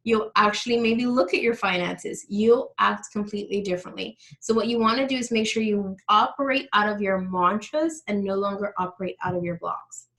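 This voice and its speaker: A woman leads a live online workshop as a coach, explaining each step in a friendly, direct way. She speaks at an average pitch, addressing her audience through a video call microphone. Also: steady tone, moderate pace, few pauses, a bit bright, rough recording. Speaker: money mindset coach.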